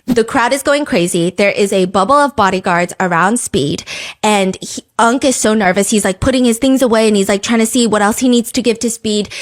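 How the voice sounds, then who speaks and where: A woman in her thirties hosting a podcast, telling a story in casual chat and acting out quotes in shifting voices. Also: fairly high pitch. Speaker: podcast host.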